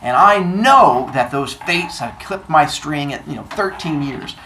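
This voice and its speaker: A man's voice: fairly high pitch, lively intonation, unhurried, bright, forceful tone, roomy sound, a little hiss or hum, poor audio. A man voicing a defiant thirteen-year-old girl with a cocky, over-the-top manner.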